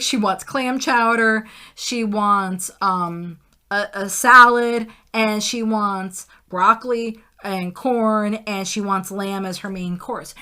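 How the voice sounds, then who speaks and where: A woman's voice: mid-range voice, bright, forceful tone. A woman hosting a solo podcast, talking in a blunt, casual way, swearing freely and acting out little scenes as she explains. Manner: blunt and swears freely, acts out diner exchanges. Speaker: podcast host.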